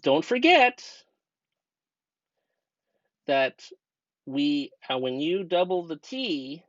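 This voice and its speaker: Taking it slowly in a slightly high voice, a young American man narrates a grammar lesson as a student teacher, patient and methodical, posing rhetorical questions to the class. There's no room sound, and the voice-over is dry, dull, and lo-fi.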